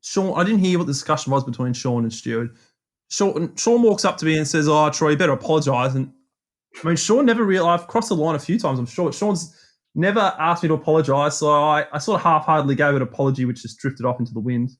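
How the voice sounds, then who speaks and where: An Australian man casually telling a cricket story on a podcast, animated, acting out his own banter. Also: a little high, quick pace.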